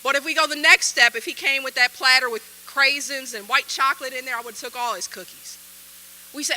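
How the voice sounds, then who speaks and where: Bright-voiced woman lecturing. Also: high-pitched, brisk, low-quality recording. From Minnesota. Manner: emphatic, acts out quotes, rhetorical questions. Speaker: presenter on implicit bias. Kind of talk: lecture to a group.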